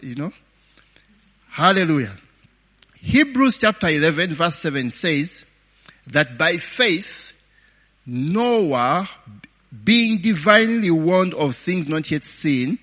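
A man's voice: on the high side, fairly bright tone. A man preaching a sermon in a chatty way, tagging lines with "eh?" and "okay?" and quizzing his audience. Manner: chatty, laughing asides, many "eh?" and "okay?" tags; call-and-response questions to the audience. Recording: long hall reverb.

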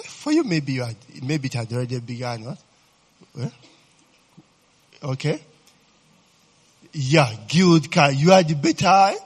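A middle-aged man with a Ugandan English accent, his voice mid-range and slightly rough, delivers a rambling, jokey informal talk to a crowd. He laughs often, teases the audience, and quizzes them along the way.

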